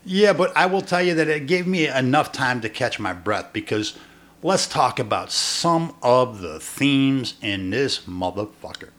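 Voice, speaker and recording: A man co-hosting a casual movie podcast who retells scenes with lively reactions and frequent swearing. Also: mid-range voice, unhurried. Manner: animated storyteller, profane, acts out reactions. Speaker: podcast co-host. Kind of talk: casual movie review chat.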